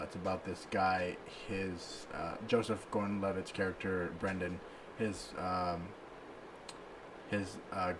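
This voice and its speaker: A man co-hosting a podcast, describing films in a relaxed, rambling way. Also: low-pitched, background noise. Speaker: podcast co-host. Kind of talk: casual chat.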